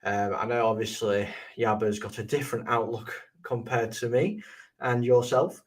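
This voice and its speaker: A man's voice: mid-range voice, fairly even intonation, moderate pace. A tired man on a fan show, bluntly venting his annoyance about a match. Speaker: co-host pundit. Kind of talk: casual football chat.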